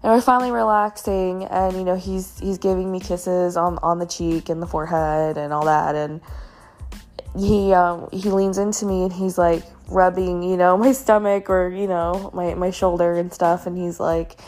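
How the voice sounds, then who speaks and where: A woman's voice: lowish voice, fairly even intonation, moderate pace, a little mellow, soft background music. A young woman hosting a podcast, telling a candid personal story in a rambling way with many fillers. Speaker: podcast host.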